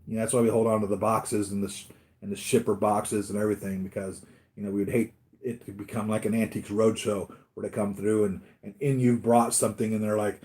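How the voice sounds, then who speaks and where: A man's voice: lowish voice, little pitch movement, quick pace, darkish tone. Rambling man hosting a live stream. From United States. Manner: rambling, acts out voices of others in anecdotes. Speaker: collectibles channel host. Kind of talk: casual live-stream chat.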